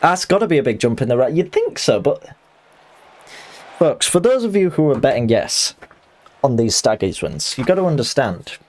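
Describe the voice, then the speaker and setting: A man's voice: mid-range voice, sing-song, moderate pace, darkish tone. A young man chatting casually while streaming a fighting game, joking and putting on voices. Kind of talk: live game commentary.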